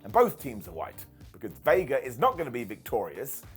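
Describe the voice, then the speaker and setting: A British man casually reviewing a wrestling show as its regular host, joking and putting on quick mock voices. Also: medium pitch, faint music behind. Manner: animated, jokey, mock voices for quotes.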